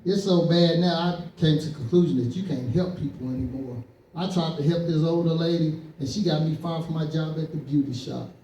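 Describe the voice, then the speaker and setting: A man's voice: a little high, a little fast, warm tone. Male stand-up comedian from East Saint Louis, storyteller who acts out quotes, recorded in an echoey club, mic at a distance. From East Saint Louis, Illinois. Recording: roomy club sound from a distance.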